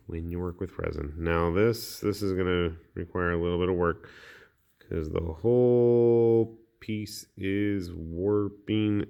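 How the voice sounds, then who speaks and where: A man's voice: deep voice, vocal fry, a little mellow. A man hosting his miniatures hobby channel, chatting casually and thinking aloud as he unboxes and inspects model parts.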